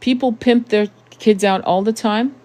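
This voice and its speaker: A woman's voice: a little high, steady tone, normal speed, darkish tone. A woman in her thirties giving an impassioned monologue to camera, blunt and emphatic, with frequent swearing and rhetorical questions. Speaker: tarot channel host.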